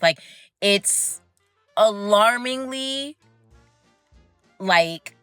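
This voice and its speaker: A woman's voice: lowish voice, pushed and bright, no room sound. A young woman ranting casually about someone online, talking in an emphatic, chatty way and stretching out words for stress. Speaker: commentator. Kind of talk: casual opinion rant.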